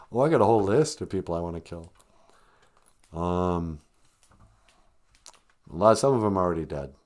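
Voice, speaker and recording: A male podcast host riffing on a live comedy stream. He rambles sarcastically, piling up fillers and restarts, and his pitch swings widely as he talks. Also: expressive, moderate pace, pauses often, a little mellow.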